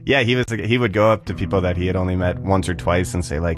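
A man's voice: deep voice, quick pace, hardly any pauses, over music. A man being interviewed, casually remembering a friend in a chatty, laughing way with lots of fillers. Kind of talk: casual recollection.

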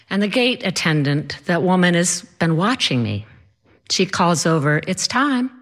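A woman tells a personal story to an audience in an unhurried, deliberate voice. She is wry and self-deprecating, and she builds the drama with her timing. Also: on the low side, fairly bright tone.

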